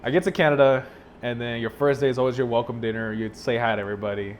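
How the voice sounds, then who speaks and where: A young man telling a story in a casual podcast chat, laid-back and animated, with plenty of fillers. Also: medium pitch, fast.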